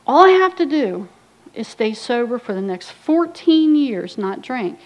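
A woman's voice: fairly high pitch, big pitch swings, unhurried, poor audio. A middle-aged woman giving a personal recovery testimony, telling her story bluntly and wryly, with quoted asides. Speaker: recovery speaker.

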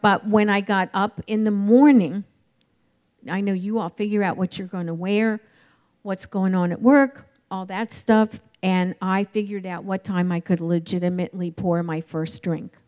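A woman's voice: mid-range voice, steady tone, unhurried. Woman candidly telling her recovery story. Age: 40s. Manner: candid and reflective, many ums. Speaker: recovery meeting speaker. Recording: dull lo-fi recording.

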